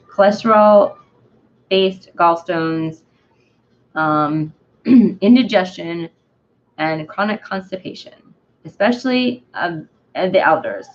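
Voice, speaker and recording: A woman's voice: on the low side, muffled recording. A woman reading as Doctor Dandelion, a boastful plant healer. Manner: read aloud slowly, listing remedies.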